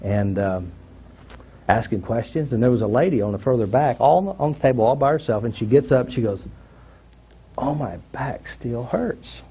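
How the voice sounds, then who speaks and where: A man's voice: medium pitch, brisk, dark tone, slightly rough. A man telling a personal story to an audience, acting out what people said and asking the audience questions. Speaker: workshop speaker.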